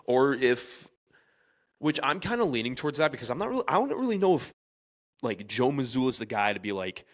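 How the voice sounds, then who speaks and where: A man co-hosting a sports podcast, arguing in an animated way with frequent restarts. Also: mid-range voice, a little fast. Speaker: podcast co-host. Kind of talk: casual sports chat.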